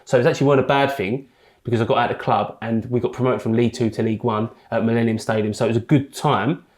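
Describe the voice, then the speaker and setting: Fast-talking man, roomy echo. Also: mid-range voice. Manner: rapid, sweary, animated retelling. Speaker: podcast guest. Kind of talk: casual storytelling.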